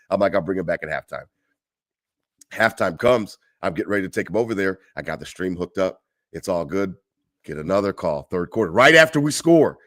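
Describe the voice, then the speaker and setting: A man's voice: fairly low pitch, a bit bright, no room sound, clean studio sound. A man co-hosting a sports podcast, telling a long story with heat and swearing, acting out both sides of an argument. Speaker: podcast co-host. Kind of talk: casual sports chat.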